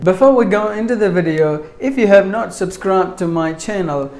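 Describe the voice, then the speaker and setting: Slow, deliberate male pronunciation teacher. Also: high-pitched, darkish tone. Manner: deliberate, repeats each word and breaks it into syllables. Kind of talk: pronunciation lesson. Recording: echoey room.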